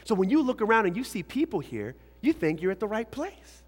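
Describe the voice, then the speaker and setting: A man preaching a lively sermon to young people as a youth pastor, swinging between shouts and hushed asides. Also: sits high, a little fast, husky. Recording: hall reverb.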